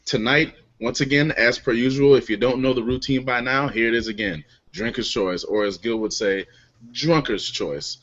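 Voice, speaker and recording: A man hosts a casual online beer chat show, introducing guests in a lively, loose, joking way and laughing often. His medium-pitched voice moves at a moderate pace with few pauses, and the online call audio is lo-fi.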